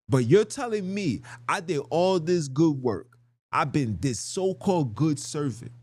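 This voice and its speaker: Husky low-ish guy ranting on his live podcast, slangy and preachy, voice jumps all over the place. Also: a little mellow, dry recording. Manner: preachy, argumentative, slangy, asks rhetorical questions. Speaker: podcast host. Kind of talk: livestream podcast monologue.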